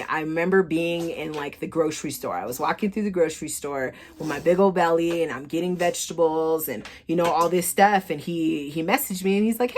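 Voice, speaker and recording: A young woman telling a candid storytime vlog, blunt and full of swearing, acting out both sides of old text messages. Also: sits low. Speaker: vlogger.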